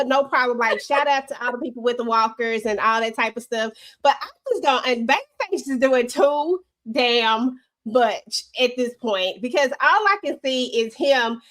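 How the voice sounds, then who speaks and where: A woman's voice: fairly high pitch, a bit bright. A woman in casual chat recapping a TV episode, candid and rambling, with slang. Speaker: show recap host.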